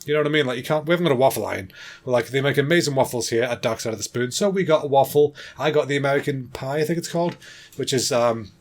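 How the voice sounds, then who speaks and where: A man's voice: medium pitch, fast. A man, hosting a rambling, casual comedy podcast monologue into a home mic. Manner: rambling, chatty, addresses listeners as folks. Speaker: podcast host.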